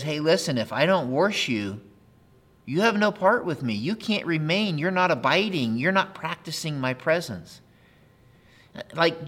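A man's voice: medium pitch, fairly bright tone. A man preaching a sermon in a conversational way, with playful asides and acted-out quotes. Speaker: pastor.

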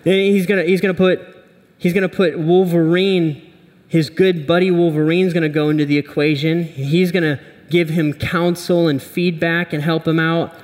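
A man's voice: a little high, steady tone, normal speed, a little mellow, in a large hall. Conversational male pastor preaching. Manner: conversational, humorous, asks "right?" often. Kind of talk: sermon.

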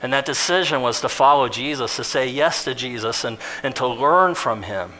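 Bright-voiced man preaching conversationally. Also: medium pitch, normal speed, slight background noise, poor audio. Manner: conversational storytelling, acting out quotes. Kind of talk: sermon.

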